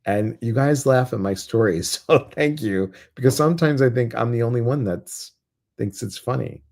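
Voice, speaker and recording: A man hosting a live guided meditation, chatty and quick to laugh as he reads out viewer comments, then slowing into soft, soothing guidance. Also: mid-range voice, creaky. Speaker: meditation host.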